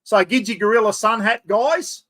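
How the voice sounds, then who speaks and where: A man in his fifties with an Australian accent, excitedly hosting a chatty live stream giveaway and poking fun at himself. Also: high voice, normal speed. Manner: excitable, chatty, self-mocking.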